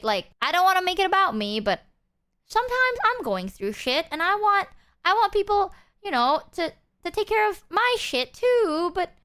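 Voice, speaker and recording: A young woman streamer talking casually and candidly to her viewers, animated and rambling, her pitch swinging up when she quotes herself.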